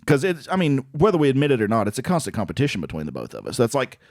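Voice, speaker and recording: A man and aspiring comedian, co-hosting a casual podcast chat, telling animated stories, swearing freely and laughing often. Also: medium pitch, very fast, no echo, clean studio sound.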